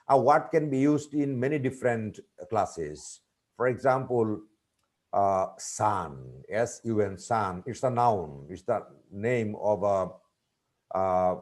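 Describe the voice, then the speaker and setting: A man giving a webinar lecture on teaching vocabulary, speaking deliberately and spelling out words letter by letter. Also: fairly low pitch, darkish tone. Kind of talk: lecture presentation.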